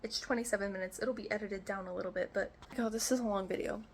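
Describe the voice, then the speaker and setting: A woman's voice: medium pitch, steady tone, fast talker, slight background noise. Exasperated young woman ranting a storytime. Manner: exasperated ranting storytelling, acting out phone calls. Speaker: vlogger. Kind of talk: storytime vlog.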